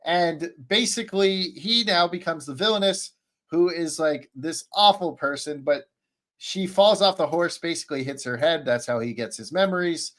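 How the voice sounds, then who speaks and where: A man on a streamed podcast call, recapping an anime in a rambling, excitable way, full of fillers and restarts. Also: fairly high pitch, moderate pace. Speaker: podcast panelist. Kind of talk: casual chat, recapping an anime.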